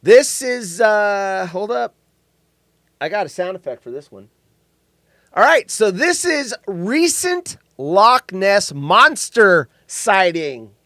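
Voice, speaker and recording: A man co-hosts a casual podcast and tells his stories with lively energy, reading viewer comments aloud as he goes. His voice sits high for a man. The sound is dry and close to the microphone. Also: slow, no echo. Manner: animated storyteller, reads chat aloud. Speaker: podcast co-host. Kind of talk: casual live-stream chat.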